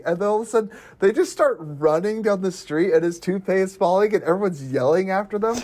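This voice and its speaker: A man with a slightly higher voice than most hosts a relaxed movie review chat with friends. He talks animatedly, laughing often and acting out quotes from the film in quick bursts. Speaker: podcast host.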